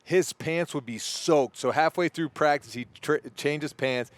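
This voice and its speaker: A man's voice: fairly high pitch, unhurried, no echo. A man co-hosting a sports radio show, easygoing and telling stories from his playing days. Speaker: radio co-host, former quarterback. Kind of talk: radio interview.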